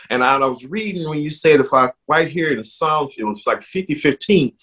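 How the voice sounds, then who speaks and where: A man sharing his personal faith testimony in an interview, speaking earnestly with halting restarts that grow more emotional. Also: fairly high pitch, lively intonation, fairly bright tone, slightly rough.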